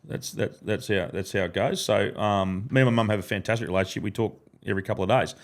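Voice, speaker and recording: A man's voice: fairly low pitch, fast talker. An Australian man and podcast host, chatting casually in a studio and telling rambling stories full of swearing and restarts.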